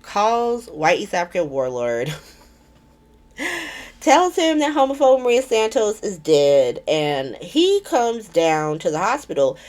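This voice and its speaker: Chatty, irreverent woman with a lively voice. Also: medium pitch, slow. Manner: chatty and irreverent, swears freely, many ums. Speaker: soap opera recap vlogger. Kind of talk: casual recap chat.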